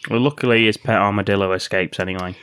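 A man's voice: fairly low pitch, steady tone, fast talker, fairly bright tone, clear, resonant tone, dry recording, studio quality. Wry man recapping a film. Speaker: podcast co-host. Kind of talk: casual film-review chat.

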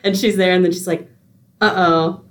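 A woman's voice: lowish voice, moderate pace. Chatty woman retelling a film plot. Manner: animated retelling, acting out characters' lines. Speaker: podcast co-host. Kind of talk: casual film recommendation chat.

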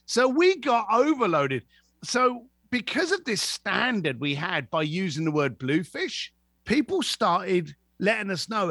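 A man's voice: high-pitched, a little slow, dry recording, studio quality. A man telling anecdotes as a podcast guest, acting out the voices of the people in them. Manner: lively, acts out voices in anecdotes. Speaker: guest, author. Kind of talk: animated storytelling.

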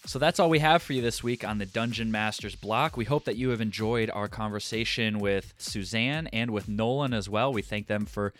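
Low-voiced male podcast co-host. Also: moderate pace, few pauses, fairly bright tone, soft background music. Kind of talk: casual podcast chat.

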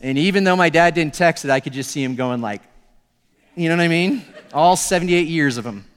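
A male pastor preaching a sermon in a conversational, animated storytelling manner. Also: a little high, brisk, smooth, big-room sound.

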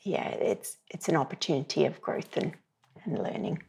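A middle-aged woman speaking as a parenting educator in a podcast interview, telling stories in a lively way and acting out the voices she quotes. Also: sits low, moderate pace, gravelly, breathy edge. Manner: lively storyteller who acts out quoted voices.

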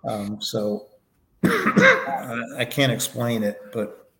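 A man as a podcast guest, answering interview questions in a relaxed, anecdotal way with many fillers. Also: mid-range voice, drawn-out words, roomy sound. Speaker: podcast guest, foundation vice president.

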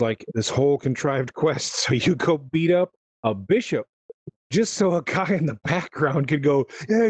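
A man hosting a casual gaming podcast, telling rambling, animated stories. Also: mid-range voice, no echo, poor audio. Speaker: podcast host.

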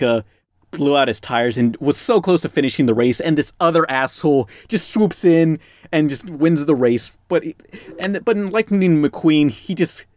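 A man's voice: fairly high pitch, a little mellow, no room sound, clean studio sound. A man casually chatting about movies on a podcast, joking and rambling with fillers. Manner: jokey, rambling, trails off with fillers.

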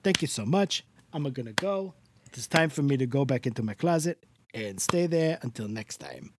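A man's voice: medium pitch, expressive, moderate pace, noisy background, lightly acted. A man on a podcast putting on a comic voice as a doting, effusive Italian-American greeter who talks in an over-the-top welcoming way. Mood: gushing. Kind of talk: comic character bit on a podcast.

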